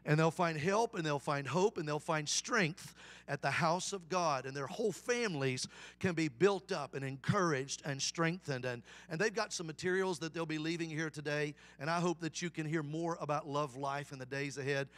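A man's voice: on the high side, moderate pace. Folksy male evangelist preaching. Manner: folksy, animated storyteller with humor. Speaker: guest evangelist. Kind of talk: sermon.

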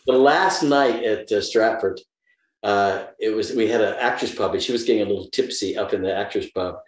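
A man's voice: on the low side, fairly quick. A man in his seventies, an actor being interviewed over a video call, telling stories animatedly and acting out the people he quotes. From American South. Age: 70s. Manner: animated anecdote teller who acts out quoted voices. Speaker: actor guest. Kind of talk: casual interview storytelling. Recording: roomy echoey room.

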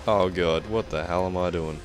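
A young Australian man commenting live on a game he is playing, excitable and swearing often. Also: low voice, moderate pace. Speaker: gaming commentator.

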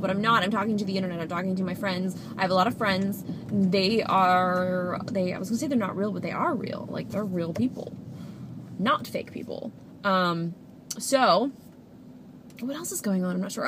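A young woman in her twenties, a vlogger chatting casually and rambling with giggles while she drives. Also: mid-range voice. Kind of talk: casual vlog chat while driving. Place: inside a car. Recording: road and engine noise.

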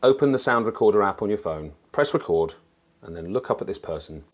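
A man's voice: fairly low pitch, expressive, brisk. A man talking to camera as a presenting coach, conversational and thinking aloud as he explains. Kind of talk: teaching to camera.

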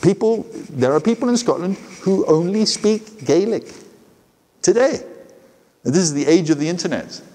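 Southern english man, lively and animated delivery, chatty lecturer who keeps asking "yeah?", large hall with long reverb. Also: high voice, normal speed. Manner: tags sentences with "yeah?", chatty. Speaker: guest lecturer. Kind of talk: lecture with audience questions.

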